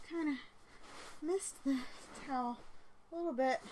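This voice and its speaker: A young woman making an intimate self-recorded adult audio, breathy and drawn-out, often dropping to a whisper. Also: very high-pitched, a little hiss or hum. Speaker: amateur adult audio creator.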